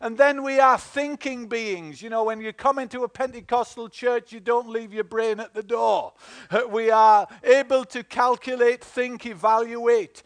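High-voiced Northern English preacher. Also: male voice, fairly even intonation, normal speed. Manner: exhorting congregation, many fillers and call-outs. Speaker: pastor. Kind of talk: sermon.

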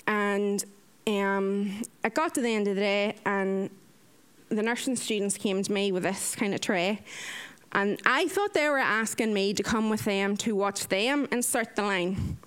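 A woman, a nurse, telling a personal story in a casual, animated way. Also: medium pitch, unhurried, smooth. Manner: lively, animated retelling with acted-out quotes.

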